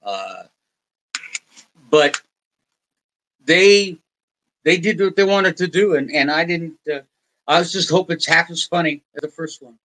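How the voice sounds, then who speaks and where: An older man from the United States, a podcast guest, tells rambling anecdotes in a casual interview, restarting often and quoting others in put-on voices. His slightly high, a bit bright voice is animated yet unhurried with long pauses, on a low-quality recording.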